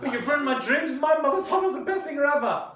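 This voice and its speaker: A British man, a rabbi, giving a lively, joking class and bantering with his audience. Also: very high-pitched. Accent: British English. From Britain. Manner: animated, joking, quick back-and-forth. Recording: echoey room.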